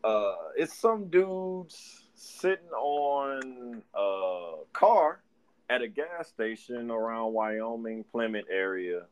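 With a clear, resonant, medium-pitched voice and a slow pace, this young adult Detroit man spins stories as a podcast co-host. The chat is casual, full of laughter and acted-out quotes.

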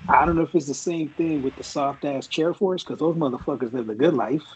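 A man's voice: a little high, brisk, a little hiss or hum, rough recording. A man from San Francisco telling profane boot camp stories in casual chat, rambling with like and you know.

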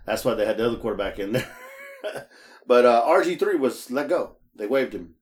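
A man with a mid-range voice, speaking a little fast, swaps rideshare stories as co-host of an easygoing podcast. He drives for a living, and he tells the tales with plenty of laughter and acted-out voices.

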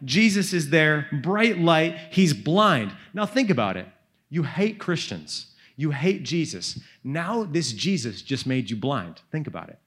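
A man's voice: on the high side, big pitch swings, measured pace, a bit bright. A young man preaching to a youth retreat, retelling scripture in a casual, slangy, dramatic way. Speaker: youth speaker. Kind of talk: sermon.

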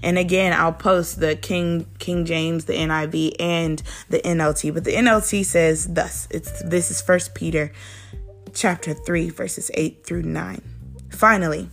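A woman's voice: on the low side, steady tone, a little slow, vocal fry, soft background music. A woman hosting a daily devotional, teaching in an earnest, conversational way and speaking straight to the listener. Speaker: devotional host.

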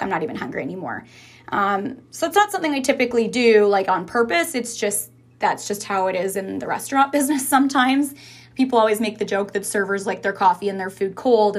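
Casual woman podcaster with a slight lisp. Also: mid-range voice. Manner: chatty, swears freely, many fillers. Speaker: podcast host. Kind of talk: casual solo podcast chat.

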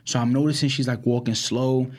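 A man's voice: mid-range voice, brisk. A young man from Brooklyn, a podcast co-host, telling stories in a loose chat, acting out quotes and filling gaps with "like" and "um". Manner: animated storyteller, acts out quotes, many fillers. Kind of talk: casual storytelling chat.

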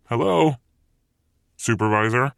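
A man's voice: medium pitch, lively intonation, slow, vocal fry, fairly bright tone, dry recording, studio quality, exaggerated voice. A man voicing a confident, commanding male devil who is breezy but menacing in an audiobook. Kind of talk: audiobook character voice.

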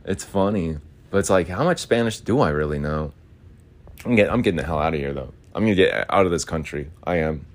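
A man's voice: low-pitched, animated, brisk. A young man from the United States talking in a loose, rambling monologue, full of filler words and casual swearing. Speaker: podcast host.

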